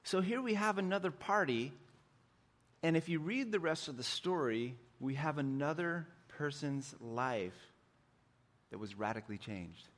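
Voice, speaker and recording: A man's voice: on the high side, animated, measured pace, a bit bright. A middle-aged man preaching a sermon in a church, joking and conversational, poking fun at himself. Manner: joking, conversational, self-deprecating. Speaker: pastor.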